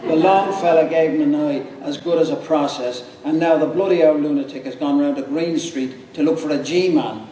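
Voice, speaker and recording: A man with a Dublin accent giving a quick, lively, chuckling live reading of a story. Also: on the high side, crowd noise. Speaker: reader. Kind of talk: dramatic live reading of fiction. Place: large hall with audience. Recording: echoey hall, mic from far off.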